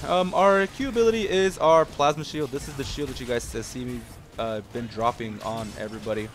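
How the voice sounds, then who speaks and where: A young man commentating his own gameplay, excitable and casual, yelling at teammates and swearing, then calmly explaining strategy. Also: mid-range voice, a little fast, hardly any pauses.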